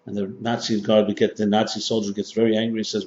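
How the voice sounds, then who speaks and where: A man's voice: lowish voice, steady tone, quick pace, hardly any pauses, a little mellow. Man, rabbi, sermon-style lecture, emphatic, repetitive, echoey hall, muffled sound. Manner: emphatic, repetitive, rising to stress points. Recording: dull, echoey hall recording.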